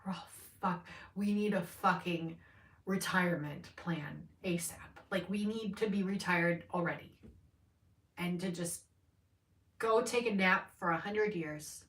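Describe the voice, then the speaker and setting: During a live tarot stream, a woman chats in a rambling, honest manner, swearing freely and laughing frequently. Her voice is lowish and a bit bright, with a measured pace. It's recorded from a distance, so the room is audible.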